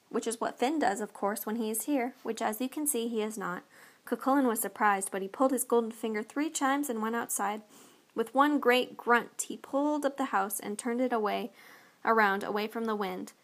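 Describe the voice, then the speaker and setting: Brief: woman storyteller, expressive and lilting, slightly high voice. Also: normal speed. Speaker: narrator. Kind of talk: storybook reading.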